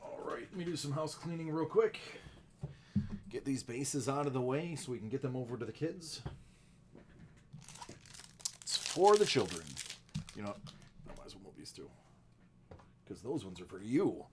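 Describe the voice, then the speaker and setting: A man in a middle register runs a live card break, his voice slightly roughened from screaming. He chats loosely between pulls and clears his throat often. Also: mid-range voice, lively intonation, normal speed, pauses often, noisy background. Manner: chatty, joking asides, clears throat often.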